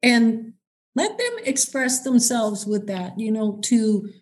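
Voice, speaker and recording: A woman's voice: on the high side, takes it slowly. A woman who advises on dementia care, talking through tips in an encouraging way and acting out example dialogue. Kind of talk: advice conversation.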